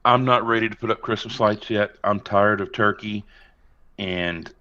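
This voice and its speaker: A man co-hosting a sports podcast in casual chat, telling animated stories with chuckles. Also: on the low side, normal speed. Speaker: podcast co-host. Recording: slightly dull, muffled sound.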